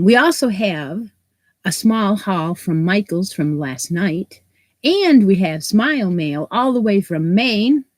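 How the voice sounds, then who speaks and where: A woman's voice: fairly low pitch, no echo. A woman hosting a crochet live stream, chatting casually and greeting viewers by name, her nose stuffed up from allergies. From New York State, US. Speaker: crochet channel host.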